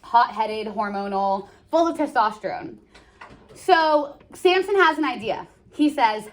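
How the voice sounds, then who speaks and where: A woman teaching a high school English lesson in a classroom. She explains the play in a chatty way, full of jokes and slang asides to her students. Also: animated, a little slow.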